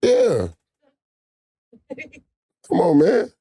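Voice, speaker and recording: A man's voice: high-pitched, drawn-out words, slightly rough, no room sound, studio quality. Profane, riffing male comedy co-host. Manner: loose, profane, animated riffing.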